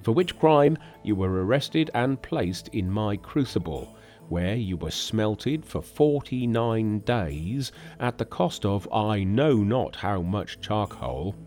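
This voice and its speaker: A man voicing a stern old male sage alchemist in an audiobook reading, speaking slowly in a scolding, stately way. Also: fairly low pitch, animated, darkish tone, soft background music.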